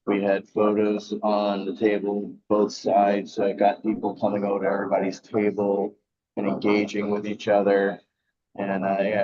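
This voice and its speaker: Man, low and monotone, muffled headset, halting filler-laden speech, crowd noise behind. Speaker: event organizer reporting in. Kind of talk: casual report over a call.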